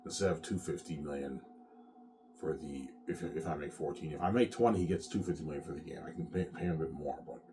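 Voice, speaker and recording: A man's voice: very deep voice, quick pace, distant mic, background noise. A man rambling casually to his viewers, repeating himself and tossing in "man" and "yeah". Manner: repetitive, keeps saying "man" and "yeah".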